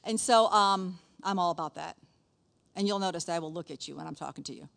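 A woman's voice: on the low side, brisk, creaky, a bit bright. A middle-aged woman teaching to a church group in a folksy way, with laughing asides and quoted scripture. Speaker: speaker at a church gathering. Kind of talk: sermon-style teaching.

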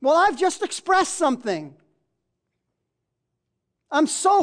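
A woman's voice: sing-song, unhurried, long pauses. Impassioned woman preaching a sermon. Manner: impassioned, swings between loud cries and low hushed asides; emphatic, repeats key phrases.

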